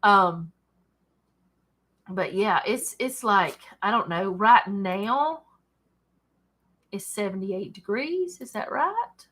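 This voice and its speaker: Bright-voiced Southern woman reading Bible. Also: medium pitch, expressive, slow, long pauses. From Alabama, USA. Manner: chatty, digressive, laughs often. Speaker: Bible study host. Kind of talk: casual Bible reading and commentary. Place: at home desk.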